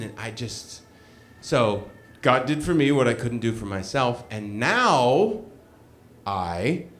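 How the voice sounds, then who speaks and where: A man's voice: medium pitch, slight background noise. A middle-aged man telling a funny personal story on stage, self-mocking and acting out the other people's lines. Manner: animated, self-mocking, acts out quoted voices. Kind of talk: live comedic storytelling.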